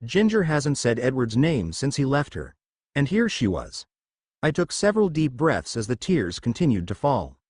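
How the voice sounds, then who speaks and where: A man's voice: mid-range voice, very animated, moderate pace, darkish tone, husky, dry recording, clean studio sound. A man narrating a first-person fan fiction story in a dramatic reading.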